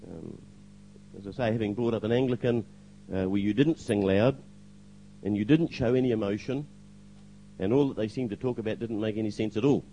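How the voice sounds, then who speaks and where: A man's voice: lowish voice, brisk, mellow, lo-fi sound, a little hiss or hum. An older man giving a spoken testimony to a church congregation, hesitant with fillers, now and then acting out the lines he quotes.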